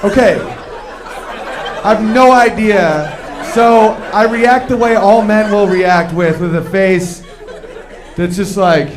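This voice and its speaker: A man doing a stand-up comedy routine in a fairly high voice. He tells stories with lively energy and keeps jumping into acted-out quotes of men and women. He is on a club stage with a handheld mic, and the audience laughs along. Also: crowd noise, background noise. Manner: animated storytelling, quick shifts into acted-out quotes of men and women.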